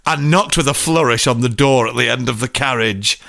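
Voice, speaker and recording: A man's voice: mid-range voice, brisk, vocal fry, sharp tone. A man hosting and reading an interactive story aloud, playful and often laughing. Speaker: storyteller and game host.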